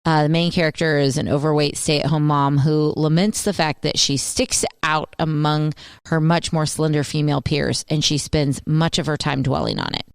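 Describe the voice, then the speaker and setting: A woman's voice: deep voice, fairly even intonation, normal speed, clean tone, no room sound, clean studio sound. A woman co-hosting a podcast, chatting casually and with animation. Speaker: podcast co-host. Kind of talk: casual chat.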